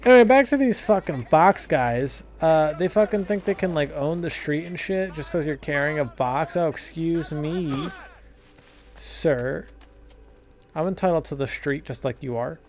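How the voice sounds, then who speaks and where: A man's voice: on the high side, animated, moderate pace, few pauses. A young man giving casual, profane, rambling commentary as he plays a video game, laughing often. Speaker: gameplay commentator. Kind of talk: casual let's-play commentary.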